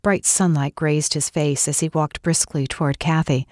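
A woman reads a novel aloud in a low, grounded voice, measured and expressive. The sound is close and dry with no room around it. She paces the story calmly. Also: dry recording. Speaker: audiobook narrator. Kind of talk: scripted narration.

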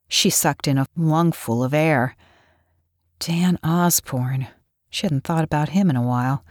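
A woman giving measured, expressive audiobook narration. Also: deep voice, dry recording, studio quality.

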